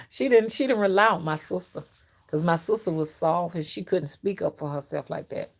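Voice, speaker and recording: A woman's voice: on the low side, moderate pace, creaky. Chatty woman telling stories. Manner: chatty, outspoken, animated with frequent restarts. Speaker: livestream host and rootworker. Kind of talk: casual storytelling to a live chat. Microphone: phone.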